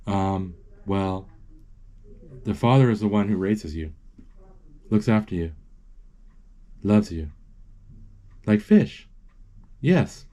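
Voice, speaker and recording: A man casually retelling a film as he watches it, halting often with restarts and fillers. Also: sits low, fairly even intonation, dark tone, dull audio. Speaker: amateur narrator retelling a film.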